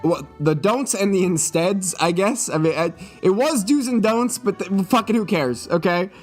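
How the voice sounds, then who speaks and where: A man's voice: high-pitched, normal speed, soft background music. A young man streaming live, joking and swearing in a mock-serious monologue, a little tipsy.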